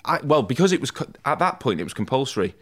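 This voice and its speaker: A man's voice: mid-range voice, sing-song, fast talker, slightly rough. A man, a tattoo artist, telling stories from his school days in a casual podcast interview, often saying "mate" and "like". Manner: chatty, self-deprecating, says "mate" and "like" a lot.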